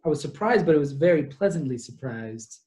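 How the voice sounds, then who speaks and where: A man's voice: a little high, animated, fairly quick, mellow. A young man in casual book-club talk, retelling a plot at length with lots of fillers and asides. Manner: rambling, detail-heavy retelling with many fillers. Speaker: podcast co-host.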